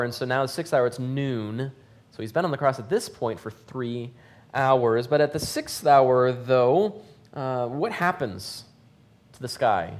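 A man giving conversational Bible teaching, asking his listeners questions and thinking aloud with fillers. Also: mid-range voice.

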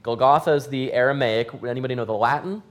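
A man's voice: mid-range voice, fast talker. A man giving conversational Bible teaching, asking his listeners questions and thinking aloud with fillers.

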